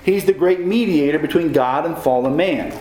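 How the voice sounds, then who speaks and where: A man's voice: fairly high pitch, moderate pace, a little mellow. Male pastor, raised voice, preaching in a reverberant church hall. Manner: preaching with questions to the congregation. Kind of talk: sermon.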